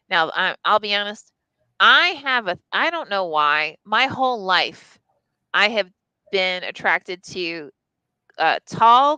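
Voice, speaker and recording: A woman's voice: mid-range voice, pushed and bright, smooth, dry recording, poor audio. A woman telling a candid personal story on a live stream, casual and profane, full of "like" and restarts. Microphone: live stream mic.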